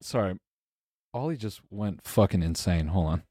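A young man co-hosting a podcast, teasing deadpan and laughing often in casual banter. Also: low-pitched, normal speed, dry recording, clean studio sound. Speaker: podcast co-host.

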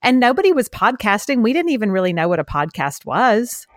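A woman's voice: on the high side, big pitch swings, a little fast, dry recording, studio quality. A middle-aged woman from Texas with a Southeast Texas accent, chatting and laughing easily as a podcast co-host. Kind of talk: casual chat.

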